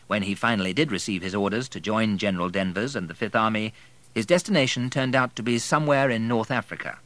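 Male audiobook narrator, lowish, bright, dry studio sound. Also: fast talker, no echo. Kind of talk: scripted narration.

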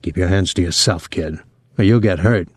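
A man doing a gruff belligerent soldier. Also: sits low, normal speed, dry recording, studio quality, voice pushed down. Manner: gruff, blustering. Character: gruff burly adult male soldier, belligerent.

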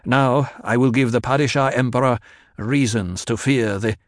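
A man's voice: mid-range voice, moderate pace, dry recording, clean studio sound, natural voice. A man voicing a cold, commanding young duke.

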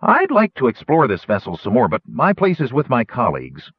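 A man's voice: mid-range voice, wildly swooping pitch, fairly quick, slightly rough, no room sound, highs cut off, voice pushed up. A man voicing a polite, formal male gnome who speaks courteously.

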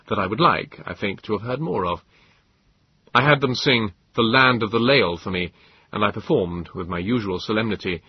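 Low husky guy reading an audiobook, lively delivery, dull dry sound. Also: no room sound. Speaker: audiobook narrator. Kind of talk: scripted first-person narration.

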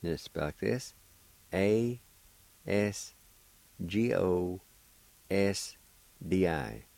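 A man with a very low voice teaches vocabulary on the radio. He takes his time, spelling and repeating each word with patient care. The sound is close and dry, as in a small studio. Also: very slow, creaky, dry recording, rough recording. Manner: gently encouraging to beginners. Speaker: radio host teaching a language. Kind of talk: radio language lesson.

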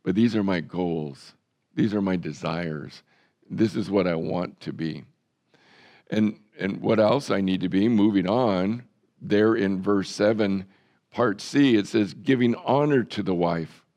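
A man's voice: low-pitched, slow, a little mellow. A man preaching a sermon as a pastor, in a conversational, folksy way with self-deprecating humor.

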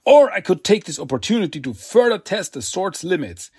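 A man's voice: sits high, very animated, fairly quick, husky, no echo, studio quality, exaggerated voice. A man voicing a scheming, contemptuous villain with a sneering, dismissive manner.

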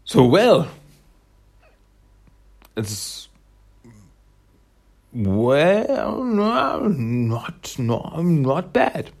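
A man's voice: on the high side, sing-song, extremely slow, vocal fry, long pauses, darkish tone. A man casually recapping a comic issue, rambling with lots of fillers and self-corrections. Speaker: comic book reviewer.

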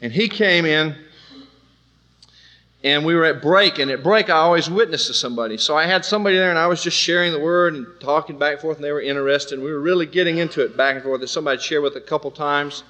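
A man preaching with an animated storytelling manner, acting out other people's voices. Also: fairly high pitch, quick pace. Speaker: preacher telling a testimony. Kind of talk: storytelling sermon.

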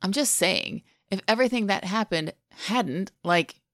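A woman voicing a sly, fond adult man in a podfic of fan fiction, in a soft, lightly teasing way. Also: medium pitch, lively intonation, unhurried, dry recording, studio quality.

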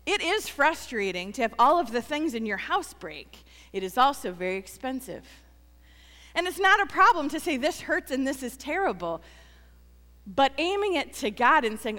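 A woman pastor preaching a sermon, earnest and emphatic, repeating phrases for weight and then dropping to a soft, quiet close. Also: high voice, big pitch swings, normal speed, in a large hall.

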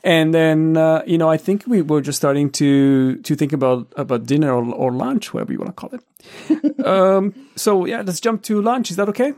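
A man hosting a podcast, talking in a relaxed way with frequent pauses and fillers. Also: fairly high pitch. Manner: relaxed, thoughtful, many fillers. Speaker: podcast host. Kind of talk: casual conversation.

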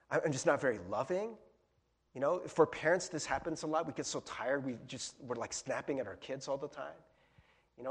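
Animated husky-voiced male pastor. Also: a little high. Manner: animated, chatty, many fillers and repeated words. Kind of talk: casual conversational sermon.

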